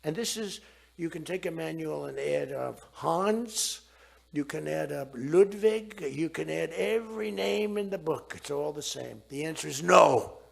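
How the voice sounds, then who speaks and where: A man's voice: on the high side, lively intonation, a little slow, creaky, husky. A man in his seventies giving a rambling speech, digressing and repeating himself.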